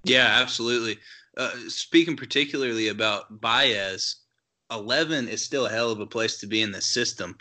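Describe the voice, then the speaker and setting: A man hosting a podcast, chatting in a relaxed way with fillers and handing over to his co-hosts. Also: mid-range voice, normal speed. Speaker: podcast host. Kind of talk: casual podcast chat.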